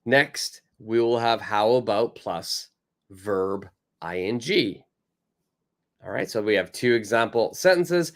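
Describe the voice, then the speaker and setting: Male English teacher, animated delivery, slow deliberate pacing. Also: lowish voice. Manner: lively, greets viewers by name, reads example dialogues aloud. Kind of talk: online English lesson.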